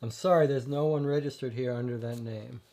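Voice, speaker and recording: A polite hotel clerk on the phone in a detective game, read by a man. His voice is formal and a bit raised, in his own mellow tone. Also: medium pitch, steady tone, a little fast, natural voice.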